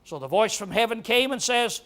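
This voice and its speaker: Earnest high-voiced male preacher. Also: lively intonation, normal speed, fairly bright tone. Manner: earnest, emphatic, repeats words for stress. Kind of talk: sermon.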